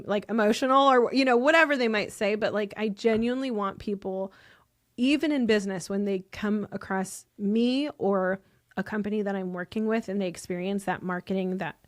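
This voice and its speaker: A woman in her thirties speaking as a guest on a podcast. She talks openly and with feeling, padding her thoughts with "like" and quick restarts. Her voice sits in a middle register. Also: medium pitch. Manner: emotional, effusive, lots of "like" fillers. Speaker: podcast guest, business owner. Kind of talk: candid podcast conversation.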